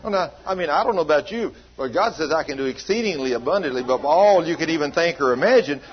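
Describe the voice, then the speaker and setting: A man's voice: a little high, lively intonation, quick pace. A man preaching in a church, telling a healing story in a folksy, emphatic way. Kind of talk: sermon storytelling. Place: church hall. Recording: dull lo-fi recording.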